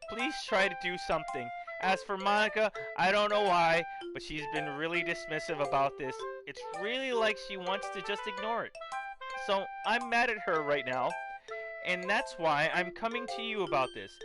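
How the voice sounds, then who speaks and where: A man reading out a timid girl's letter, pleading at first and then sinking into a flat, quiet murmur. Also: sits high, normal speed, music in the background. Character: timid girl sinking into a hollow whisper.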